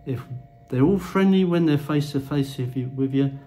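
A man's voice: fairly high pitch, moderate pace, warm tone, low-quality recording. A man delivering a blunt, crude ranting monologue to camera as a vlogger. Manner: blunt, crude, swears freely.

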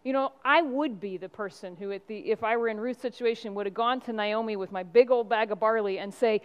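A woman's voice: mid-range voice, a little fast, few pauses, clean tone. A woman pastor giving a sermon in an earnest, conversational preaching style. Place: church sanctuary. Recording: long reverb of a church hall.

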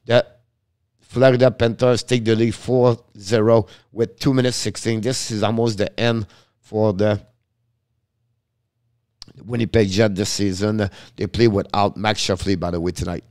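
Male hockey commentator, smooth voice, choppy English, rapid live play-by-play. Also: fairly low pitch, level tone, darkish tone. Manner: halting non-native English, rapid call of the action; chats with viewers between plays.

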